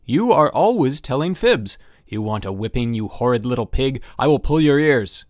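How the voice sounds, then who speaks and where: A man voicing an irritable, tired middle-aged father in a storybook reading, curt and quick to scold. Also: mid-range voice, very animated, dry recording, studio quality. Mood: angry, scolding. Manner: curt, testy.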